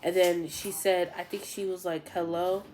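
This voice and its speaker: A woman's voice: on the low side, flat delivery, normal speed, darkish tone, a little hiss or hum. A young woman chatting casually to her camera at home, gushing about a book with lots of "like" and "literally.". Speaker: vlogger.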